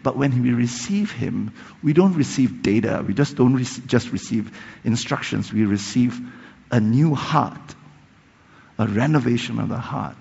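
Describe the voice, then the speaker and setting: Gravelly preacher in a reverberant hall. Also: male voice, mid-range voice, expressive, a little slow. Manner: retells a story with emphatic rises and soft, hushed passages. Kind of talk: sermon storytelling. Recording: long reverb, dull lo-fi sound.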